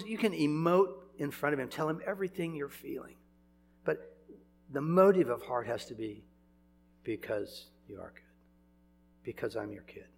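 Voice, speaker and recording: A man's voice: a little high, gravelly, husky. An older man preaching a sermon, conversational, with chuckles and sudden emphatic swells.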